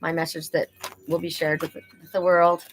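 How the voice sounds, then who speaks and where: A woman's voice: lowish voice, level tone, fairly quick, a little hiss or hum, low-quality recording. A woman doing a live oracle card reading, passing on spirit messages in an earnest, enthusiastic way.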